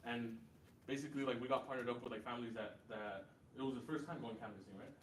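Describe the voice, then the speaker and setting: A young man talks quickly and casually, tagging his points with "right?" and filling pauses. He speaks as a community organizer in an echoey room, some distance from the mic, with faint noise behind him. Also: medium pitch, steady tone. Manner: casual, many fillers and "right?" tags. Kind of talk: casual talk and Q&A. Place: university meeting room.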